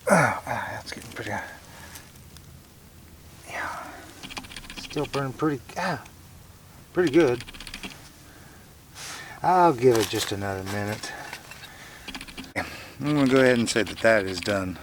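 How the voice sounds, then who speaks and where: This middle-aged man's camping vlog is casual and rambling, full of fillers and restarts, shot solo at an outdoor campsite. He sounds expressive, medium-pitched and measured, pausing often, far from the camera mic, whose noisy audio catches autofocus clicks.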